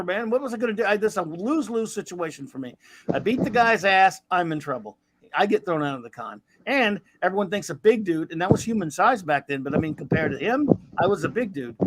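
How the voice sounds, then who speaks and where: A man in his fifties with a rather high voice, hosting a laid-back podcast. He rambles through stories with blunt, crude humor. A faint hiss sits under his voice. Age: 50s. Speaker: podcast host. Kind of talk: casual chat.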